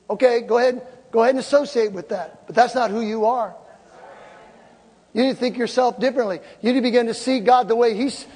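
A woman in her sixties preaching an emphatic, exhorting sermon to her congregation. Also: fairly high pitch. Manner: emphatic, exhorting, breaks into loud laughter and shouts. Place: church sanctuary with congregation. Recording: long hall reverb with congregation murmur.

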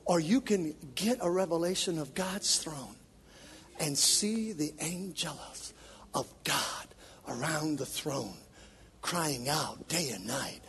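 A man's voice: on the high side, a bit bright, slightly rough. A man preaching a sermon as a worship leader, impassioned and emphatic. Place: church sanctuary. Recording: long reverb of a large hall.

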